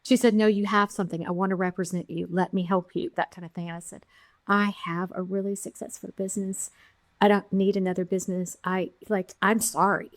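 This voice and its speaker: A middle-aged woman, a podcast guest, telling her founding story with lively quoted voices. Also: mid-range voice, fairly quick, no echo, clean studio sound. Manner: animated storyteller, acting out quotes. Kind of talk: storytelling interview.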